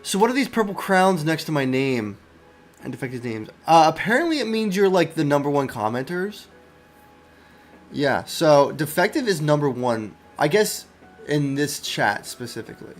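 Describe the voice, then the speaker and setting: A man who is an indie game developer, rambling casually on a live stream. He uses lots of fillers, breaks off mid-sentence and keeps talking to himself, and his voice sounds worn and low. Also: big pitch swings, normal speed, soft background music. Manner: rambling, full of fillers and self-interruptions; easily sidetracked, talks to himself. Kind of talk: casual live-stream chat while working.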